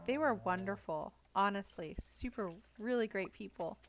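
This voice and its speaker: A woman's voice: mid-range voice, moderate pace, a little hiss or hum. A young woman streaming a cozy farming game, chatting casually with viewers, giggling often as she reads their messages aloud. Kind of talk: casual live-stream chat.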